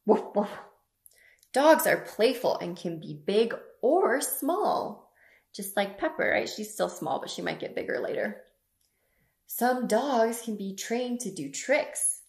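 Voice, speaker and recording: A woman librarian leading a toddler story time, reading and talking in a slow, sing-song, animated way. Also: fairly high pitch, roomy sound. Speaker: children's librarian.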